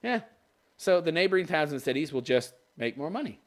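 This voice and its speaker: A podcast host reads news items aloud and rips into them with sarcastic, profane commentary and scoffing laughs. His voice is a little high, very animated and brisk.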